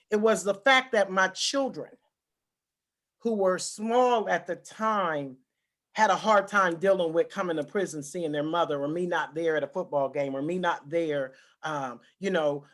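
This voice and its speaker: A woman giving a personal testimony as a guest speaker, talking emphatically and repeating her key phrases for weight. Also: fairly low pitch. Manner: emphatic, repetitive storytelling.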